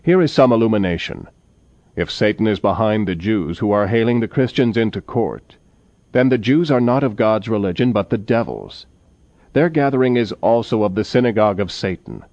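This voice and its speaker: A man preaching a sermon in a measured, solemn manner, reading scripture aloud. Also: on the low side, animated, a little mellow, no echo. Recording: dull lo-fi recording.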